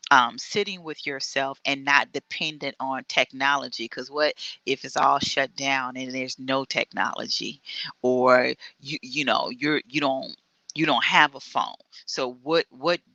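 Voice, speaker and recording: A woman's voice: sits low, bright, forceful tone, dry recording. A middle-aged woman talking earnestly on an online radio show over a video call, with frequent restarts. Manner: earnest and halting, many restarts.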